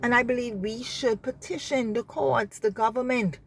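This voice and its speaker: A fairly high-pitched, slightly rough voice belongs to a Bahamian woman speaking at a moderate pace. Earnest and impassioned about faith and anger, she says things more than once and asks her audience, "you understand?"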